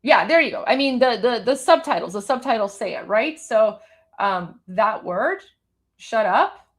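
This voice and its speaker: A woman's voice: fairly high pitch, expressive, a little slow. A woman from Iran hosting a live show, giving emphatic, indignant commentary on a video, with many fillers and restarts. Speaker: host.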